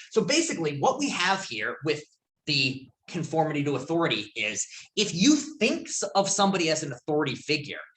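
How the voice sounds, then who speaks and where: Bright-voiced male lecturer in echoey classroom. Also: fairly high pitch. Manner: casual, storytelling, filler-heavy. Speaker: college lecturer.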